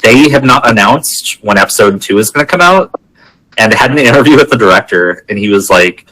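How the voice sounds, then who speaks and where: A man's voice: on the low side, lively intonation, brisk, bright, forceful tone, rough recording. A man co-hosting a podcast in casual chat, laid-back and hesitant, often restarting his sentences. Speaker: podcast co-host.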